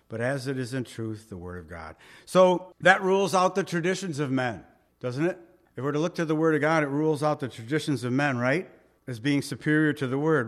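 A middle-aged man delivering a sermon as a pastor, talking in a slightly raised register. He preaches in a conversational way, dropping quick asides and chuckling between points. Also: on the high side.

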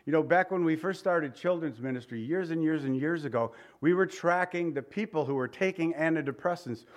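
A man preaching a sermon, animated and acting out the voices he quotes. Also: a little high. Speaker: pastor.

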